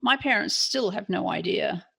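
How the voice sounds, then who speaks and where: A woman's voice: medium pitch, lively intonation, moderate pace, gravelly, fairly bright tone, husky. A woman with an English accent telling her own story as a podcast guest, earnest and analytical, often restarting her sentences. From England. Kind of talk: candid personal storytelling.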